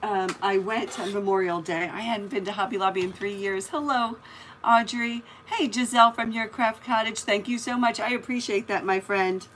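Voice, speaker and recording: A woman's voice: mid-range voice, normal speed, fairly bright tone, a little hiss or hum. A woman hosting a casual live craft stream, chatting and greeting viewers by name as she works. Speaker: craft livestream host.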